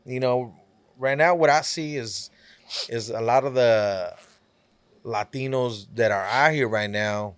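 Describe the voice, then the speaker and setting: A man's voice: medium pitch, slow, clear, resonant tone, no room sound. A man with a Texas Southern accent, a rapper chatting as a podcast guest, laid-back and full of "you know" fillers. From California. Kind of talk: casual podcast chat.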